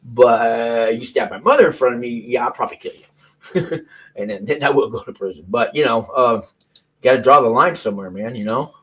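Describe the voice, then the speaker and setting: Candid husky-voiced man, rambling. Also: medium pitch, moderate pace, fairly bright tone, rough recording. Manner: candid, rambling with restarts and swearing. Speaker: host reacting to news clips. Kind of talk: casual chat.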